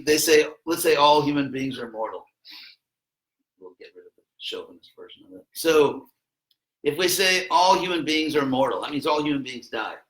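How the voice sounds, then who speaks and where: A man's voice: on the high side, sharp tone, echoey room, poor audio. A man giving an informal philosophy lesson to a class of students, joking in asides and raising his voice when he acts out quotes. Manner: conversational, jokey asides, acts out quotes with a raised voice. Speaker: teacher.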